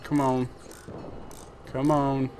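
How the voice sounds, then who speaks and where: A young man giving casual, profane, joking commentary over his video game play, flipping between excited shouts and laid-back chatter. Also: medium pitch, extremely slow, a little hiss or hum. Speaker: gameplay commentator.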